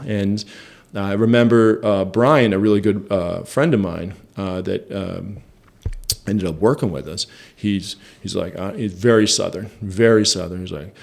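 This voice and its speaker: A man's voice: fairly low pitch, unhurried, gravelly, a little mellow. A man telling a story in a casual interview, chatty and self-deprecating. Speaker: interview guest.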